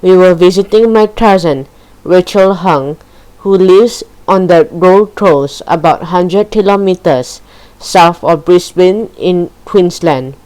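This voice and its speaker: Female storybook reader, low voice, slow and even delivery. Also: rough recording. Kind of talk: reading a children's story aloud.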